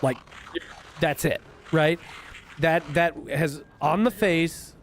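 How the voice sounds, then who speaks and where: A man hosting a casual stream chat, talking in an animated, rambling way with lots of swearing and fillers. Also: a little high, takes it slowly. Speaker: streamer host.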